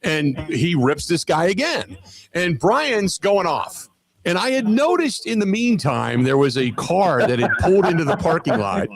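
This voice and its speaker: Male sports radio host, animated storyteller, a touch high-pitched. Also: unhurried. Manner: lively, laughing storyteller who gets loud at punchlines.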